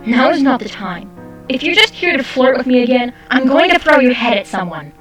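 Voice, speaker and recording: A manipulative female cat spirit, as a woman puts her on, shifting between sugary flirting and shrill, hissing outbursts. Read aloud as a storybook over soft music. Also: moderate pace, close to an everyday voice.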